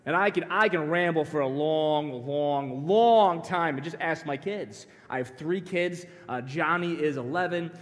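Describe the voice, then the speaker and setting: A man in his thirties preaching at a youth conference, an animated, joking storyteller who talks straight to the crowd. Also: a little high, measured pace, few pauses. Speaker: pastor. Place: church sanctuary. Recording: long hall reverb.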